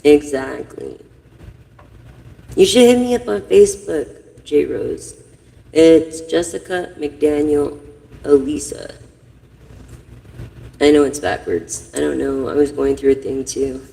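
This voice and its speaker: A woman's voice: sits low, animated, takes it slowly, creaky, long pauses, dark tone, long reverb tail, rough recording. A woman doing a casual tarot reading for her viewers, giving blunt, profane, rambling advice. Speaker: intuitive tarot reader.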